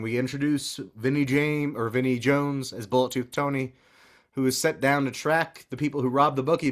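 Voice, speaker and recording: A man's voice: mid-range voice, a bit bright. A man co-hosting a podcast, rambling and swearing a lot as he gushes over a film he loves. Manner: profane, gushing, rambling. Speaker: podcast co-host. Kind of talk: casual movie review chat.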